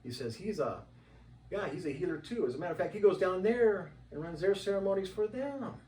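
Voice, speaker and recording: A man's voice: expressive, brisk, warm tone. Guy from washington state telling stories, lots of "you know", kinda distant mic in an echoey room. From Washington State, USA. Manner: loose, repetitive, full of "you know"; acts out quoted voices in a higher pitch. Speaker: interview guest, tribal member. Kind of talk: rambling conversational storytelling. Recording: roomy, distant mic, faint background ambience.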